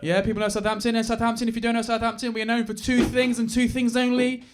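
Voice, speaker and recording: A man's voice: extremely high pitch, monotone, fast talker, slight background noise. A young man, doing stand-up comedy in a club and teasing the crowd. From England. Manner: chatty, teasing, crowd work. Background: audience laughter.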